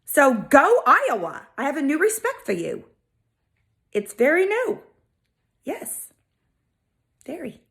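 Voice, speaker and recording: A woman with a Southern US accent hosting a video, telling a history story in a casual, animated, sassy way. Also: sits high, slow pace, creaky, pauses often. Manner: animated, chatty, sassy asides. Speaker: video host.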